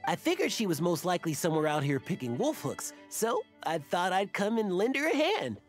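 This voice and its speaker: A man's voice: high voice, huge pitch swings, brisk, soft background music. An actor playing an eager young male fan who is nervous and rambling, in game character dialogue.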